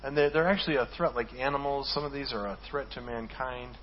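A man's voice: mid-range voice, fast, lo-fi sound, slight background noise. A male pastor preaching in a conversational way, often tagging lines with "right?" and chuckling at his own jokes. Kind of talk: sermon.

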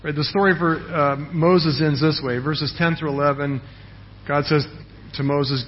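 A man's voice: on the high side, fairly even intonation, measured pace, a little hiss or hum. Conversational man preaching, muffled sound. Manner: conversational, frequent "right?" check-ins. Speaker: pastor. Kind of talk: sermon.

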